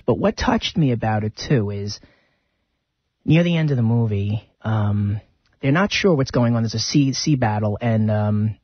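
Male radio host, chatty and rambling, slightly husky, muffled dry sound. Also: on the low side, expressive, a little slow, dry recording. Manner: rambling, chatty, retells film scenes. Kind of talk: casual radio talk.

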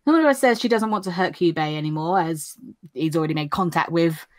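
A woman, recapping anime episodes in casual chat, chatty and quick to laugh. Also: low-pitched. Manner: chatty, laughs often, acts out lines in funny voices. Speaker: podcast co-host recapping anime.

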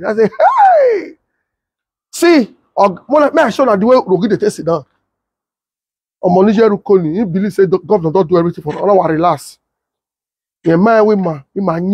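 A young man with a Nigerian Pidgin accent tells a comic tale with lively, animated delivery. His voice sits high and slightly husky. The sound is dry and close. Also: dry recording. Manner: animated, laughs often, mimics sirens. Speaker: comedian storyteller.

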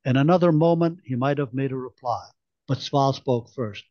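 A man's voice: medium pitch, moderate pace, dry recording. A man reading aloud from his own novel with a wry storytelling delivery. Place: home, online event. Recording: dull lo-fi online-call audio.

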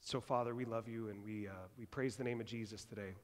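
A man preaching a sermon as pastor, conversational and animated, swinging between loud and hushed. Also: mid-range voice, fast. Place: church sanctuary. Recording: long church reverb.

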